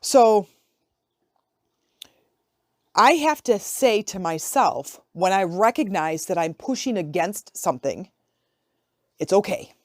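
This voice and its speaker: A woman's voice: medium pitch, animated, slow pace, long pauses, no echo. Chatty woman in her forties, dry sound. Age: 40s. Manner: chatty and conversational, often asking "right?". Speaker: podcast host, life coach. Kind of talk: casual reflective podcast monologue.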